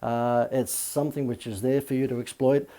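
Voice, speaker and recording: A middle-aged man who works as a marketing coach gives a casual video lesson on marketing, chatty and full of fillers, now and then tagging on an "okay?" His voice is medium in pitch and dark in tone, with a level delivery at a moderate pace.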